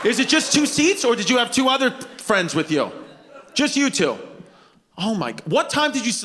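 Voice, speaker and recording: A man doing stand-up crowd work in a large theater, shouting and teasing people in the audience. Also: very high voice, sing-song, moderate pace, background noise. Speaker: stand-up comedian. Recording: live theater with crowd laughter. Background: audience laughing.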